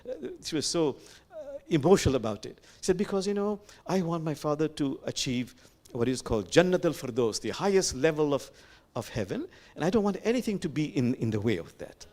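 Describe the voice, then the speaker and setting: An older man with a Bangladeshi accent gives a reflective sermon in a sanctuary. He tells stories in a gentle, unhurried way, pausing often. His pitch swings widely, lifting high at moments of joy. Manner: gentle, animated storytelling with pauses and fillers. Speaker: imam.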